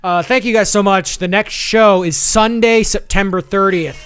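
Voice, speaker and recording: A man's voice: high voice, steady tone, moderate pace, a bit bright. A young man hosting a live-streamed comedy show, rambling with lots of fillers and reading out chat messages. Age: young adult. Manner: rambling, filler-heavy, upbeat. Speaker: host.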